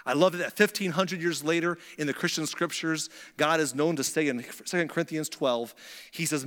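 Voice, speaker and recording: A pastor preaches a sermon in a big-sounding room, his fairly bright voice at a moderate pace. He tells the story casually and conversationally, acting out the dialogue with shifting pitch.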